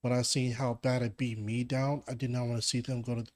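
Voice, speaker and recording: A podcast guest, a man with a fairly low voice, tells a personal story. He speaks plainly and earnestly. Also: little pitch movement, brisk, a little mellow.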